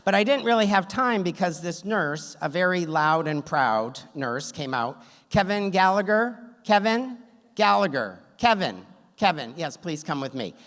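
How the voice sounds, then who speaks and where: On a theater stage at a story slam, a man with a fairly high, slightly bright voice tells a funny true story, wry and self-deprecating, with sharp comic timing. The recording is made on stage, with the hall's long reverb trailing his words.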